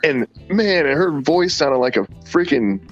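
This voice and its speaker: A man's voice: on the high side, lively intonation, a little slow. Laid-back guy rambling thru stories, kinda dull audio, faint music behind. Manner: rambling storyteller, drawling, says "man" often. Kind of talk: casual banter.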